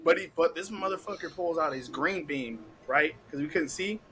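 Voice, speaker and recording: A young man hosting a podcast, telling a story in a casual, animated way, laughing often and acting out what people said. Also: fairly high pitch, normal speed, crowd noise, rough recording. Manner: animated, laughing, heavy cursing, acts out quotes. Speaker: podcast host.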